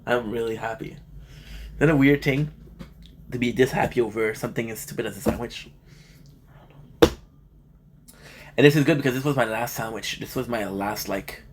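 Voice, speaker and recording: A man's voice: medium pitch, slight background noise. A male gaming streamer talks loosely to his live chat, joking around between bits of game commentary. He sounds worn out and a little under the weather, with a voice that sits in a middling range. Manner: laid-back, joking banter with chat. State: tired and feeling a bit sick.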